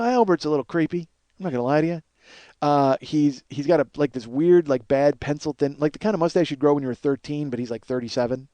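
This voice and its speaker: A man hosting a podcast, telling a long rambling story on his own, full of swearing, trailing off into mumbles and then rising to excited shouting. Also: on the high side, no echo. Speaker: podcast host. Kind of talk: solo storytelling monologue.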